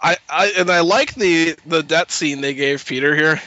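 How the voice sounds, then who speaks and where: A man hosting a casual podcast about comics, animated and quick to laugh. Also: fairly high pitch, no echo, lo-fi sound. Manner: animated, laughs often, does quick voices in anecdotes. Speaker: podcast host.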